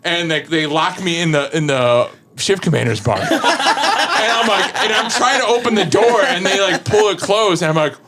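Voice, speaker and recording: A man's voice: high-pitched, big pitch swings, moderate pace, a crowd in the background. A man with a Chicago-area American accent, a firefighter guest telling a story in a casual chat, laughing often and filling his talk with fillers and acted-out quotes.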